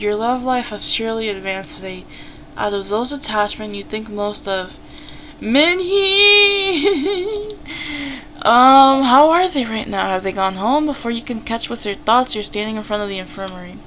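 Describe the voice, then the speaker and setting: A woman's voice: medium pitch, moderate pace, fairly bright tone, slight background noise. Woman gamer reading a story game aloud; casual, giggly.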